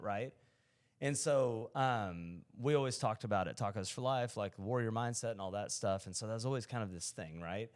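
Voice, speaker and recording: Male co-host, casual faith podcast, animated storyteller with frequent restarts. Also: medium pitch.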